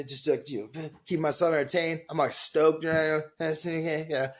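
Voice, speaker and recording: A man talking straight to camera in a loose storytelling monologue. He swears freely and leans hard on words, swinging from loud, high bursts to quiet asides. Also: brisk, hardly any pauses. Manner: emphatic and profane, with big swings in pitch and loudness. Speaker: vlog host.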